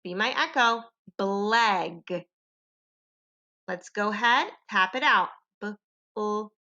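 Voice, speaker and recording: Woman teacher, phonics for little kids, slow and bright, muffled lo-fi recording. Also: medium pitch, lively intonation. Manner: slow, patient call-and-repeat teaching. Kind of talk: home phonics lesson for young children. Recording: dull lo-fi home recording.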